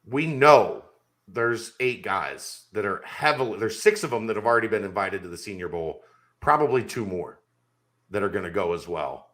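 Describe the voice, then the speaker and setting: A man's voice: fairly low pitch, lively intonation, normal speed, a bit bright. A man talking sports casually on a podcast as a guest, making his points emphatically. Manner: emphatic, argumentative.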